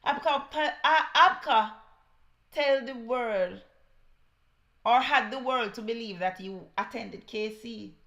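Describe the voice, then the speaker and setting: A woman's voice: a little high, slow, fairly bright tone. A woman with a Jamaican accent giving heated political commentary, scornful and mixing patois with English.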